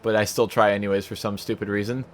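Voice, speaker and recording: This gamer talks fast in a fairly low, level voice while playing a racing game at home. His let's play commentary is casual and rambling, self-mocking, with silly stutters he sings out. A little hiss or hum runs through the audio.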